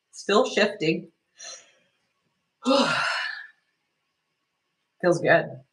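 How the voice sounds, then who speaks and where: A woman leading a live online healing workshop, talking gently and loosely, with many restarts and fillers as she guides a self-care technique. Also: low voice, low-quality recording. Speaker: energy healing teacher.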